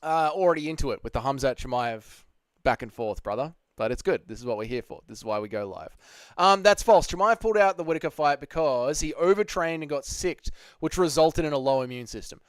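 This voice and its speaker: Casting note: man, slightly high voice, smooth and clean, dry close sound, livestream host bantering with chat. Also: expressive, a little fast, dry recording. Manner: reads chat comments aloud and argues back. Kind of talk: casual live Q&A chat.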